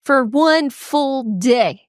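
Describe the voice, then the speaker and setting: A woman's voice: sits high, animated, drawn-out words, dry recording, studio quality. A young woman co-hosting a podcast, chatting casually and explaining things with enthusiasm. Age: young adult. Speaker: podcast co-host. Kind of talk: casual chat.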